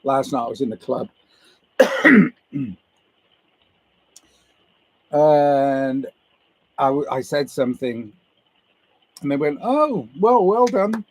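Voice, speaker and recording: A man's voice: mid-range voice, extremely slow, long pauses, poor audio. A man livestreaming to viewers, musing his way through a loose, meandering monologue and swearing casually.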